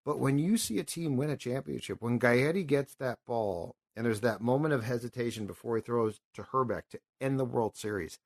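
A man in his fifties hosts sports talk radio at a middle pitch, and his talk rambles from one story to the next. He grows impassioned and emotional as he goes. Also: moderate pace, gravelly, few pauses, darkish tone. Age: 50s.

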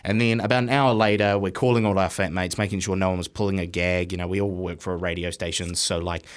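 A man with a New Zealand accent, from Wellington, telling a lively story on a radio show with frequent laughs. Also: sits low, fast, clear, resonant tone. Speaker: radio station guest. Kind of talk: casual chat, storytelling.

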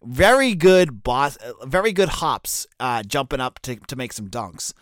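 Boston guy riffing on recruiting, lively up and down voice, dry close sound. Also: medium pitch, measured pace, no echo. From Boston area. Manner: conversational, many fillers and restarts. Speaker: college football recruiting analyst. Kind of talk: casual solo commentary.

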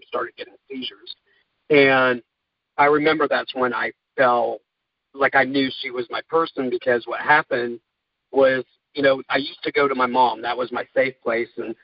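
Halting, heartfelt man, muffled audio. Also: medium pitch, no echo. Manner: halting, heartfelt, many fillers. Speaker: guest, caregiver. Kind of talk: candid interview talk.

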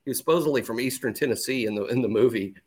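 A man co-hosting a sports podcast in casual chat, talking haltingly and often repeating his words. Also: mid-range voice.

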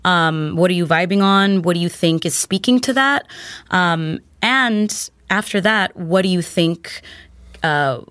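Low voiced woman hosting a podcast, thoughtful questions, dry mic. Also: lively intonation, unhurried, fairly bright tone, no echo. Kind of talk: casual podcast conversation.

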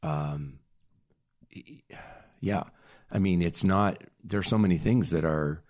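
A man guest telling a personal story in a hesitant way, pausing and searching for words. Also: low voice, a little mellow. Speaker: interview guest.

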